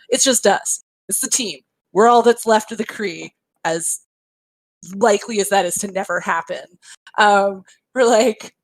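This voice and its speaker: A woman's voice: medium pitch, moderate pace, no echo, rough recording. A young woman game developer talking casually in a panel chat, chatty with lots of fillers and laughter. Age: young adult.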